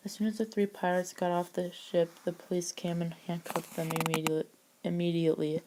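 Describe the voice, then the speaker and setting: A woman reads her own adventure story aloud in a low, mellow voice. Her delivery stays flat and even, and she often stumbles and restarts mid-sentence. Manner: halting, with frequent restarts. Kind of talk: reading a homemade story aloud.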